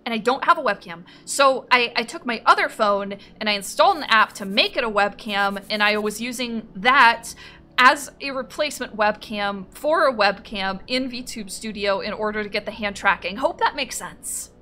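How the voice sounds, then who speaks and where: A woman's voice: on the high side, normal speed, sharp tone. A woman streamer chatting casually on a live stream, playful and profane as she reads out chat and thanks subscribers.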